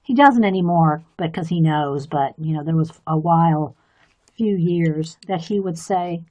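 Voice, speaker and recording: A woman's voice: deep voice, unhurried, a little mellow. A woman chatting in a rambling, easygoing way and laughing often while she colors on a live stream. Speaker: artist streaming a coloring demo. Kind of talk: casual chat while drawing.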